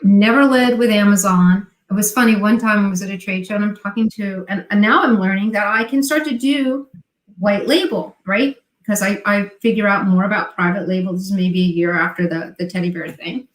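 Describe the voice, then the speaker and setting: A woman's voice: mid-range voice, normal speed. A middle-aged woman, a guest on an interview show, telling her story and acting out remembered dialogue in quoted voices. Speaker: guest, online seller. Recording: echoey room sound.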